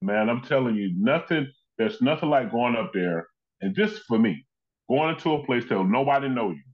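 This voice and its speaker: Animated storytelling man, dull recording. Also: mid-range voice, normal speed. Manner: animated, acts out quoted people in his stories. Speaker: comedian and actor, guest. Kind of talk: conversational storytelling in an interview.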